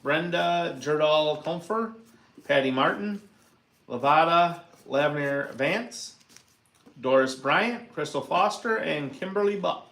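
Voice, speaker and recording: A man's voice: a little high, animated, takes it slowly, creaky, a bit bright, roomy sound. A man chiming in briefly and reading out names during a casual craft video. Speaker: host's husband, co-host.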